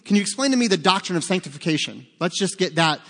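A brisk, officious angel supervisor, put on by a preaching man fires off questions in a raised voice. A long church-hall reverb trails behind each phrase. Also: high voice, expressive, a bit bright, full character voice.

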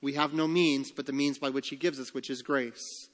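A pastor preaching a sermon, who slows down and lifts his voice on the key phrases. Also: medium pitch, steady tone. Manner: emphatic preaching, slowing and rising on key phrases. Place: church sanctuary. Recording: long church hall reverb.

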